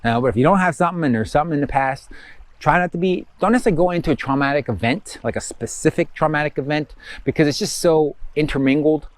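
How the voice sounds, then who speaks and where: A man giving casual guided instruction as a spiritual teacher, rambling with many fillers and slowing down for affirmations. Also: a little high, dry recording.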